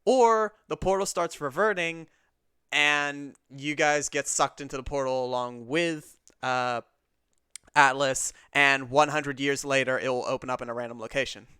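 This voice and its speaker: A man's voice: mid-range voice, fairly even intonation, a little slow, bright, forceful tone, clean tone, no echo, clean studio sound. A man running a tabletop game as dungeon master, explaining rulings step by step.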